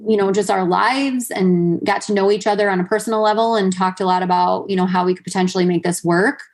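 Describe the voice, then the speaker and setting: A woman's voice: mid-range voice, steady tone, quick pace, darkish tone. A woman in her thirties, a podcast guest telling a personal story in a chatty way, full of fillers and quoted asides. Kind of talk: conversational storytelling.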